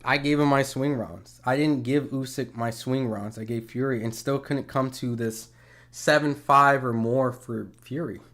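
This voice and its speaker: A man's voice: mid-range voice, fairly even intonation, a little slow, fairly bright tone. A man commenting on a boxing match in a livestream. He talks casually, swears, and argues with viewers' comments. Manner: conversational, profane, argumentative.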